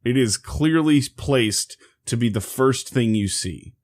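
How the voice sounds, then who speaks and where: A man co-hosting a gaming podcast, speaking earnestly with frequent pauses and fillers. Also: mid-range voice, a little mellow, no room sound. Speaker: podcast co-host. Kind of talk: casual gaming podcast chat.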